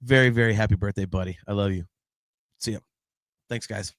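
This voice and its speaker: A man in his fifties giving a heartfelt, halting birthday tribute, repeating words and swearing casually. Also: lowish voice, steady tone, dry recording. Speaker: podcast host.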